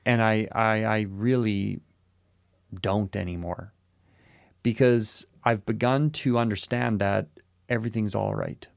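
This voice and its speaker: With a lowish voice edged by vocal fry, this man co-hosts a podcast, and the recording is dry with clean studio sound. He thinks aloud in relaxed, reflective talk, circling back on short phrases while working through an idea.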